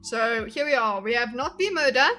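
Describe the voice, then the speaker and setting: A woman's voice: fairly high pitch, lively intonation, normal speed, sharp tone, soft background music. A woman streamer chatting casually and giggling as she reacts to videos with her viewers. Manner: giggly, chatty, talks to her chat while drawing a diagram. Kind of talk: casual reaction livestream chat.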